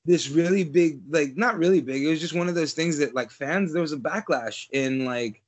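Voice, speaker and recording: A man co-hosting a podcast in casual chat, animated, swearing and filler-heavy. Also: on the high side, normal speed. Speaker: podcast co-host.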